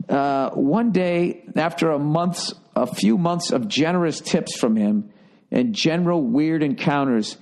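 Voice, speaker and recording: A man's voice: medium pitch, a little mellow. A man hosting a podcast, reading listener letters aloud and cutting in with blunt, profane, exasperated asides. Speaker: podcast host.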